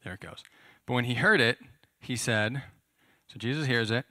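Bright-voiced man teaching a sermon. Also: mid-range voice, moderate pace, no echo, studio quality. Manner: conversational, asks the audience questions. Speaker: pastor.

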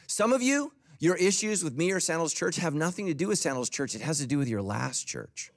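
A man's voice: fairly high pitch, animated, brisk. A middle-aged man preaching a sermon as a pastor, humorous and conversational.

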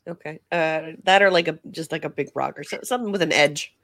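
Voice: medium pitch, fairly quick, a bit bright, no echo. A person playing a tabletop role-playing game, talking hesitantly with many fillers. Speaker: player.

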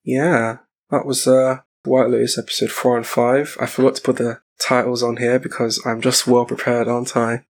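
A man with a gravelly, creaky edge hosts a podcast in easygoing chat. He is laid-back and swears casually. His pitch sits in a middle range. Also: level tone, moderate pace. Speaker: podcast host.

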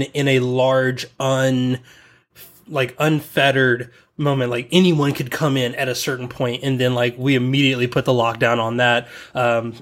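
A man from the American South co-hosting a casual podcast chat, using lots of likes and fillers. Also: medium pitch. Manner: unhurried, drawn out, with likes and fillers.

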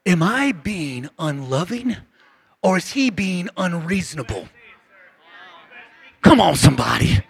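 Hoarse, gravelly preacher man. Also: very animated, measured pace, long pauses. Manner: impassioned preaching with call-and-response to the congregation; swings between shouted lines and hushed low lines. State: voice going hoarse. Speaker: pastor. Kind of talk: sermon. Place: church sanctuary.

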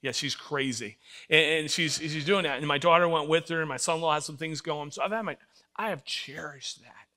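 An older man preaching in an animated, storytelling way and acting out little voices. His voice sits fairly high and sounds bright and forceful. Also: brisk. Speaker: pastor. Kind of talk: sermon.

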